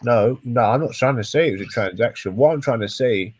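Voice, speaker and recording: A man's voice: medium pitch, fairly quick, darkish tone, slightly rough, no echo. A man in a heated casual podcast debate, emphatic and swearing, repeating words to press his point. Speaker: podcast co-host.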